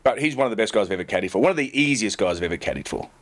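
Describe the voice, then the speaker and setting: A middle-aged man with a fairly low voice rattles off rambling, self-mocking golf-tour anecdotes at a quick clip. He talks casually as a podcast co-host, full of likes and you-knows. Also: expressive. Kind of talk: casual storytelling chat.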